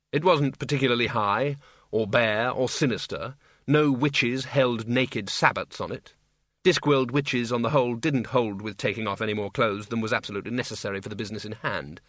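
A man narrating a comic fantasy audiobook with wry, lively storytelling. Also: mid-range voice, normal speed, dry recording.

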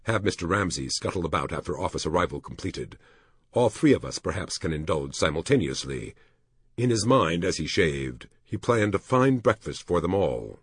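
A man narrating an audiobook in an expressive storytelling manner. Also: sits low, normal speed, husky, no room sound.

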